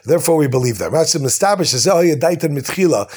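A man teaching a casual Talmud class, quickly translating the text line by line with asides. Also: a little high, expressive, darkish tone, breathy edge.

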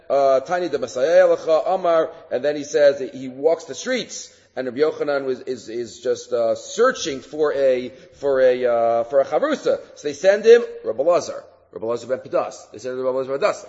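In an echoing hall captured with dull lo-fi audio, a man teaches Talmud in a mid-range voice. Animated and halting, he keeps restarting phrases and using fillers, and he dramatizes quoted rabbis by raising his voice.

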